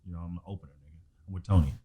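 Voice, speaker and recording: Male comedian guest, low voice, relaxed slangy storyteller. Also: rapid-fire. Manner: laid-back, slangy storytelling with acted quotes. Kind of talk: casual storytelling.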